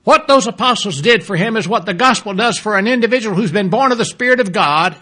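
A man preaching a sermon, emphatic, repeating key phrases and dropping low and soft toward the close. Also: animated, quick pace.

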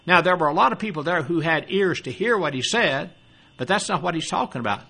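Bright high-voiced man preaching. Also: expressive, a little fast. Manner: expository, quotes scripture then explains it, asks the audience questions. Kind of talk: sermon.

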